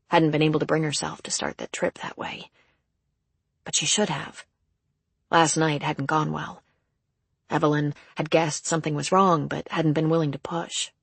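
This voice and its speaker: Female audiobook narrator, husky low voice, measured delivery, dry close sound. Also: no room sound. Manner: even, measured storytelling.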